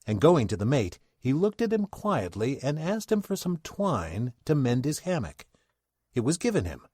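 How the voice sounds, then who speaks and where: A man narrating a classic sea tale as a dramatic old-time radio reading, theatrical and expressive. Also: medium pitch, no room sound, clean studio sound.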